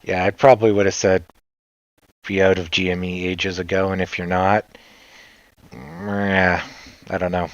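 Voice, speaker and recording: Low slow-talking Canadian man. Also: flat delivery, no echo. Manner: rambling, joking, laughs often. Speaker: livestream host. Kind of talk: casual livestream chat. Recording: dull lo-fi sound.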